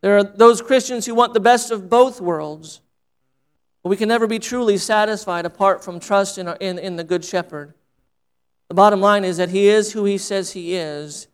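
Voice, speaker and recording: Male pastor, sermon delivery, high clear voice, earnest with emphatic repetition. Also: normal speed. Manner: earnest preaching, repeats phrases for emphasis.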